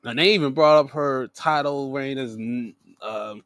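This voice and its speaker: A man's voice: mid-range voice, measured pace. A young man hosting a casual wrestling recap, joking and swearing as he talks. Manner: animated, joking, swears and laughs a lot. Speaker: show host.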